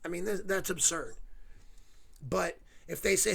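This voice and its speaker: A man's voice: high-pitched, expressive, a little slow, creaky, pushed and bright, husky. A man hosting his own video, ranting angrily with sarcastic asides and swearing. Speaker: video host. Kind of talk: angry ranting commentary.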